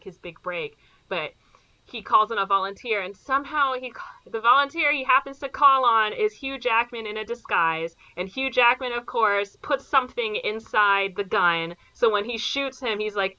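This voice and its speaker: A woman's voice: mid-range voice, pushed and bright, clean tone, no room sound, lo-fi sound. A woman co-hosting a podcast, casually recapping a movie plot in a rambling way, full of "like" fillers. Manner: rambling, fills every pause with "like". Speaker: podcast co-host.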